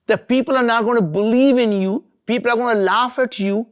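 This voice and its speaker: A man's voice: very high-pitched, fairly quick, clear, resonant tone. A middle-aged man from India, giving an earnest, emphatic motivational talk as an entrepreneur. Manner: earnest, emphatic, repeats for stress. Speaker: entrepreneur speaker.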